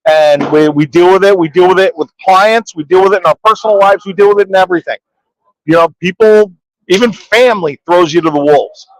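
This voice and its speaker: A man's voice: high-pitched, a little fast, no echo, low-quality recording. A man co-hosting a podcast, bantering playfully and delivering motivational quotes. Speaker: podcast co-host. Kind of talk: casual banter. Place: trade show floor.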